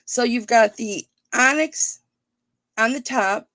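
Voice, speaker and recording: A woman hosting a live online jewelry auction, chatting playfully with her viewers and thinking out loud. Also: fairly high pitch, slow, no room sound. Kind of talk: casual live-stream auction patter.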